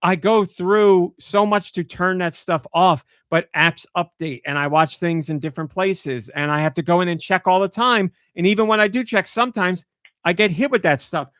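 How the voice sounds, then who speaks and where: A man's voice: sits high, normal speed, no echo, studio quality. A man hosting a podcast, ranting about a pet peeve and acting out his own reactions in casual chat. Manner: animated storytelling, acts out his own outbursts. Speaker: podcast host.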